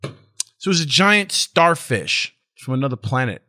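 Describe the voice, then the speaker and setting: A man's voice: mid-range voice, sing-song, a little slow, bright, forceful tone. A man hosting his own movie review channel, ranting casually in a blunt, profane and sarcastic way.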